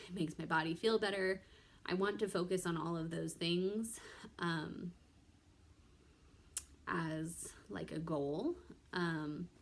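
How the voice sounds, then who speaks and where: A young woman vlogger chatting casually to camera, rambling with many ums and restarts. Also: on the low side. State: pregnant.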